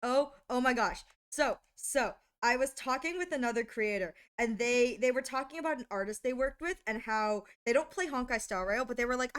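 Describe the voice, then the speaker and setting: A woman streamer chatting casually on a live stream, excitable and laughing often, gushing thanks and shrieking in mock horror. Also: fairly high pitch, a little fast, hardly any pauses, clear, resonant tone.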